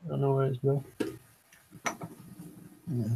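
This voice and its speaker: A man's voice: mid-range voice, little pitch movement, slow, vocal fry, noisy background. Profane, rambling man host. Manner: profane, rambling, full of fillers; sometimes stumbles over words. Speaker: motovlog host. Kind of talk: casual hangout chat.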